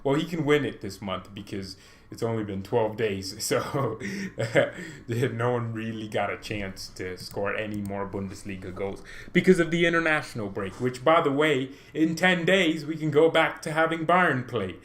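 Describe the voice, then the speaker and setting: A man hosting his own channel, chatting casually and excitedly about football, rambling, laughing and poking fun at himself. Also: mid-range voice, normal speed, a little hiss or hum. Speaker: channel host.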